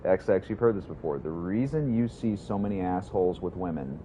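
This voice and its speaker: A man's voice: sits low, lively intonation, brisk, warm tone, dull audio, a little hiss or hum. A man streaming a game, chatting casually with his viewers in a rambling, profane way. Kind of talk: casual livestream gaming commentary.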